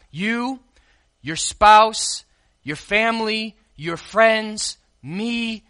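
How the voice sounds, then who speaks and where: A man delivers a sermon in a high, bright, ringing voice. He preaches conversationally, leaning hard on key words and then easing into quieter stretches. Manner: conversational preaching with call-and-response. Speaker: pastor.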